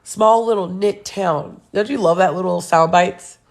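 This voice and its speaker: A woman's voice: fairly low pitch, measured pace, a little mellow. A young woman hosting her own show, reading news headlines aloud and reacting with blunt, sarcastic remarks and frequent laughs. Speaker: show host.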